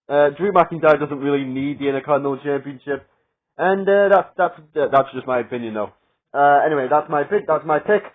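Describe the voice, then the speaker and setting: A man giving casual solo predictions for a video, rambling with lots of fillers and chuckling at his own asides. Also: on the high side. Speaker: wrestling predictions vlogger. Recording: tinny phone-like sound.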